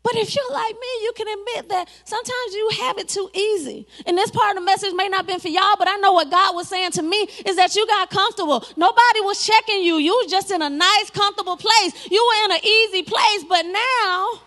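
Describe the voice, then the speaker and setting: A woman pastor preaching a sermon, lively and dramatic, with laughs and spoken asides. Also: extremely high pitch, fairly quick, few pauses.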